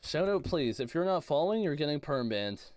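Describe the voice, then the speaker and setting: A man's voice: fairly high pitch, very animated, a little fast, a little mellow. A man streaming a game live, reading chat messages aloud and answering them in a casual way.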